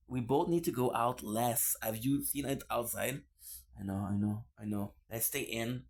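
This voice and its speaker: A man's voice: mid-range voice, normal speed, creaky, darkish tone. Streamer, male, playful and teasing in casual chat, repeats lines for laughs. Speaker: live streamer reading chat.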